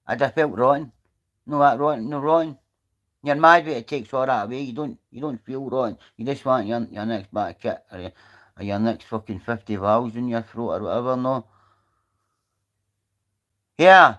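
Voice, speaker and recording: A man's voice: medium pitch, fairly quick, fairly bright tone. Chatty Scottish man rambling on a livestream. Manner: rambling, chatty, swears freely. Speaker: livestream host. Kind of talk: casual livestream chat. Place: outdoors.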